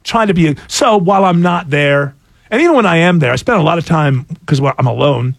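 Brief: male radio host, fifties, slightly high, bone-dry close sound, meandering on-air chatter. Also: expressive, creaky, no room sound. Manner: rambling, halting with many restarts. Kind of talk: casual on-air banter.

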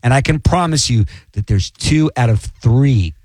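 A man's voice: medium pitch, lively intonation, a little slow, a little mellow, dry recording. A man, a comedian, chatting casually in a rambling, self-deprecating way. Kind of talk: casual chat.

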